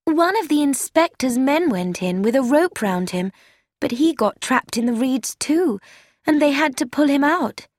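A young woman pours out a worried, chatty letter in earnest, confiding tones, as a woman narrator reads it. The voice sits high and moves slowly. The recording is dry and close. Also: lively intonation, no echo. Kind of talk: scripted narration.

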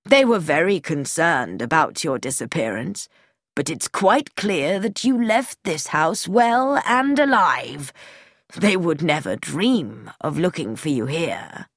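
A woman's voice: low voice, very animated, slow pace, no echo, studio quality, heavily acted. A woman voicing a cold, mocking middle-aged male commander who turns falsely genial, in an audiobook reading. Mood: menacing.

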